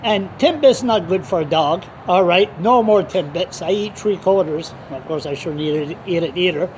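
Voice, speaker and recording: A man's voice: high voice, moderate pace, darkish tone, slight background noise. A man blogging on camera in a loose, rambling monologue, blunt and swearing freely, now and then turning to talk to his dog.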